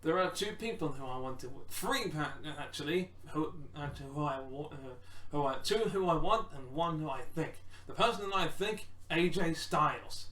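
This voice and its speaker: A man's voice: a little high, animated, normal speed, a bit bright. A man rambling casually through wrestling predictions, full of restarts and acted-out quotes. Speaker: wrestling fan predicting matches. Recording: roomy echo, distant from mic.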